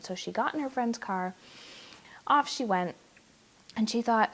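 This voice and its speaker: Woman preacher telling a lively story. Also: mid-range voice, moderate pace. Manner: animated storyteller, acts out voices in quotes. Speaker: guest preacher. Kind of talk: sermon with storytelling. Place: church.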